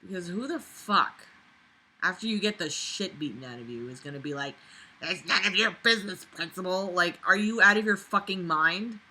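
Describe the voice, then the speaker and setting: A woman's voice: on the low side, lively intonation, normal speed, bright, forceful tone, husky, low-quality recording. A drunk young woman reading a story aloud for her channel, breaking off into swearing, mocking, exasperated comments.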